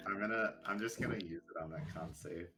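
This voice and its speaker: A man with a very deep voice plays a tabletop game, asking careful questions and weighing risks out loud. Guitar music plays clearly behind him. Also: brisk. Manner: cautious, asks many questions. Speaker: player. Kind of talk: casual tabletop game play.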